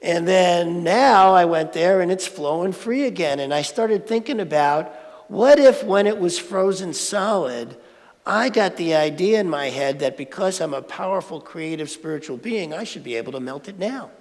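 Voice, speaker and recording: A man with a high, gravelly voice gives a conversational sermon and often turns to the audience with questions. His talk rings in a sanctuary with a long hall reverb. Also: lively intonation, moderate pace. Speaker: spiritual speaker. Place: spiritual centre sanctuary.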